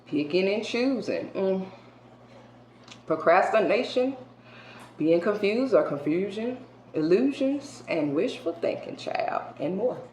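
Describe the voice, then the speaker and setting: A woman's voice: medium pitch, animated, slow pace. Echoey woman reading tarot cards casually. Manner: colloquial and emphatic, swinging between loud outbursts and hushed asides. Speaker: tarot reader. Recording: roomy echo with faint background hiss.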